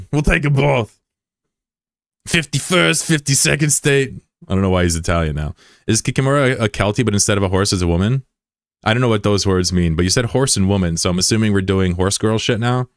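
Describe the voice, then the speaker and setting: Low-pitched American guy streaming, cracking crude jokes while answering chat, dry close mic. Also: no echo. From United States. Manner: joking, profane, rambling asides. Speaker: live streamer. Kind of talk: casual chat, reading out viewer comments.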